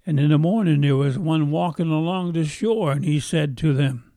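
A man's voice: a little high, normal speed, mellow, no echo, studio quality. A man preaching a sermon, retelling a story in a folksy way and repeating phrases for emphasis.

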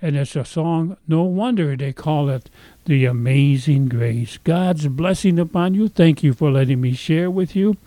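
A man's voice: a little high, measured pace, dark tone. A man preaching a sermon as pastor, earnest, stretching out key phrases for emphasis.

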